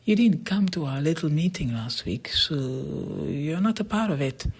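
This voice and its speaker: A boy twin who bargains firmly and stays cool, as a breathy narrator voices him. He speaks in a husky near-whisper in a storybook reading. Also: medium pitch, animated, unhurried. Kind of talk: storybook character voice.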